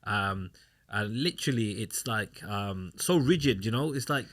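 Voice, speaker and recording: Lower-voiced man telling rambling stories. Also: lively intonation, a little slow, fairly bright tone. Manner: rambling anecdotes acting out quoted dialogue. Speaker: podcast co-host. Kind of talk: casual chat.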